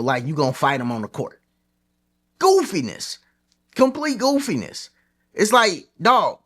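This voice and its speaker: Man, high lively voice, sports vlog host, opinionated, slangy, casual. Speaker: host of a sports commentary channel.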